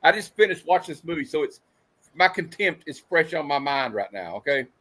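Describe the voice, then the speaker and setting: A man's voice: on the high side, very animated, brisk, bright, forceful tone. Sarcastic man reviewing a bad movie. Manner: sarcastic, rambling analogies. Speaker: podcast co-host. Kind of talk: casual movie review chat.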